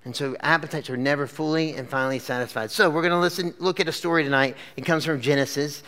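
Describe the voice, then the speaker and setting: A fast-talking pastor with a fairly high, pushed and bright voice keeps his intonation fairly even while preaching casually to a live crowd. Set at a church gathering with a screen, his storytelling is chatty and full of fillers like "like" and "okay?".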